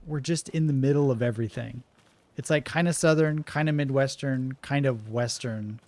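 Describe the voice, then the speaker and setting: This Oklahoma-accented streamer talks at a moderate pace in a medium-pitched, darkish voice, with no room sound. Chatty and quick to laugh, he reads game text aloud and answers his live chat.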